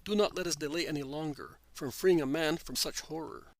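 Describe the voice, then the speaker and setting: A man voicing a gentle, authoritative male healer who speaks in a calm, solemn, consoling way. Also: on the high side, brisk, no room sound, natural voice, low-quality recording.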